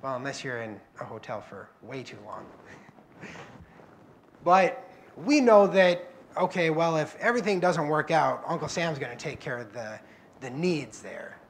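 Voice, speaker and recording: A man's voice: fairly high pitch, animated, a little slow, slight background noise. Conversational man preaching a sermon. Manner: conversational, acts out quoted prayers and dialogue. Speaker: guest preacher. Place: church.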